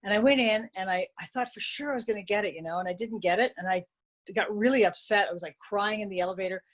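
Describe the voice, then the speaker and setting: A woman in her sixties, a comedian and writer, telling lively anecdotes with frequent laughter as a guest. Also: mid-range voice, fast. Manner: animated, laughing storyteller. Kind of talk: casual interview chat.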